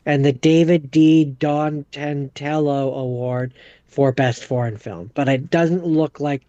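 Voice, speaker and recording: A man co-hosting a podcast, relaxed and casual, reading out facts with plenty of fillers. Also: fairly high pitch, slow pace, no room sound, highs cut off. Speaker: podcast co-host. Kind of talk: casual chat.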